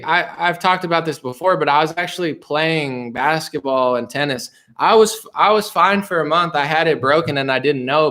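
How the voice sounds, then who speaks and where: A man's voice: on the high side, bright, forceful tone. A man hosting a casual political live stream, reading viewer comments aloud and answering them in a loose, rambling way with frequent restarts and dismissive asides.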